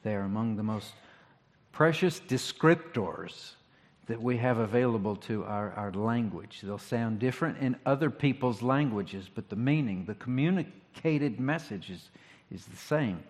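A pastor giving a sermon, talking in a conversational, reflective way with rhetorical questions. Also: male voice, mid-range voice, lively intonation, measured pace. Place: church sanctuary. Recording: long hall reverb.

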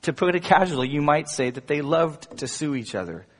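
A male pastor preaching a sermon in an animated way, rising into emphatic quotes. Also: a little high, brisk. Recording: echoey hall, long reverb.

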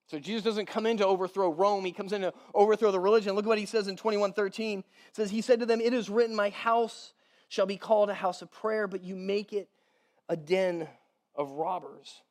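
A man's voice: high-pitched, steady tone, fairly quick, a little mellow. A man giving a casual, conversational sermon as pastor. He repeats words as he goes, laughs lightly between points and keeps asking his listeners "right?".

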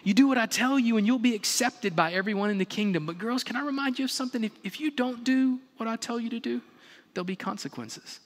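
A preacher putting on a hushed, menacing old king. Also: fast talker. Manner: low, hushed, threatening, coaxing. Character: menacing ancient male king giving orders. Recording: long reverb of a large hall.

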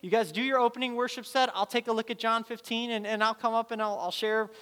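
Brief: male pastor in his thirties, sermon storyteller, bright tone, long hall reverb. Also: extremely high pitch, quick pace. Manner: animated storyteller, acts out voices.

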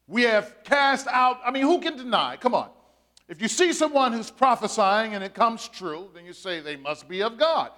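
A middle-aged male pastor preaching a sermon, animated, with drawn-out emphatic phrases and frequent "uh" fillers. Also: very high-pitched.

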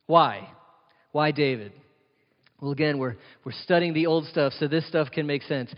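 A man's voice: fairly high pitch, moderate pace. Man preaching a sermon in a hall. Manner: rhetorical questions, emphatic repetition. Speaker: pastor. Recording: dull sound with long reverb of a hall.

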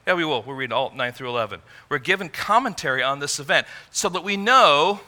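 A man preaching a sermon in an earnest way, rising to emphatic peaks and dropping low and quiet. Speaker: pastor.

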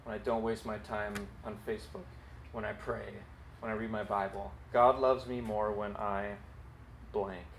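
A man preaching a sermon in a conversational, earnest way, with quick asides. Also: on the low side, level tone. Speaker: pastor. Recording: echoey hall, faint background noise.

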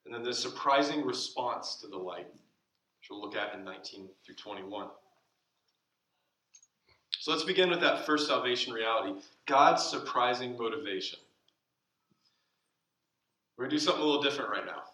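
Male pastor, sermon, bright voice, slow emphatic phrasing, roomy church, distant mic. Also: mid-range voice. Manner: slow deliberate emphasis, dropping to soft asides. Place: church sanctuary.

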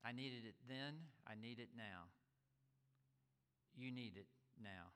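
A man's voice: mid-range voice, takes it slowly, a bit bright, clear, resonant tone. A man preaching a sermon as a pastor, stressing and repeating key words, with small stammers as he restarts. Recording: long reverb of a large hall.

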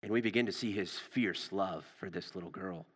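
A male pastor preaching a sermon in a storytelling way, rising for drama and dropping low and soft for tender moments. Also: moderate pace, husky, long reverb tail.

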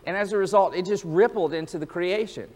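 Man, pastor, sermon, earnest and animated, high voice, echoing hall. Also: fairly quick. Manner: earnest, building to emphatic peaks; animated storytelling with acted-out quotes.

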